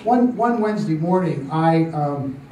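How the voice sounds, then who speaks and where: An older man tells his testimony to a congregation in a fairly high voice, stumbling through fillers and restarts with a gently amused tone. He is recorded in a roomy church hall from some distance off the mic, with a faint hum of ambience behind him. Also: lively intonation, measured pace. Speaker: church speaker telling a testimony.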